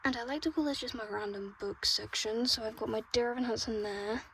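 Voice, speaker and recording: Young woman, high-pitched, casual reading vlog at home, expressive, swearing, soft to loud. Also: brisk, a little hiss or hum. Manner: chatty and emotional, swears freely, swings between soft murmurs and excited outbursts. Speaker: book vlogger.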